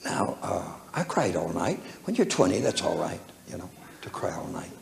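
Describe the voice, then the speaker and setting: An older man preaches in a church hall with a low, gravelly voice that swings widely in pitch at a moderate pace. In a folksy, chuckling manner, he tells a personal story and acts out its voices. The hall is echoey with faint background noise.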